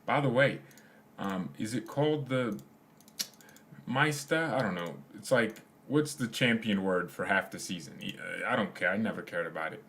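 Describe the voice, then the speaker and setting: A young man with a fairly low voice chats casually on a fan livestream. He rambles in slang and laughs a lot as he reads out comments. Keyboard typing clicks away in the background. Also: expressive, normal speed, fairly bright tone. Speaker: fan channel host.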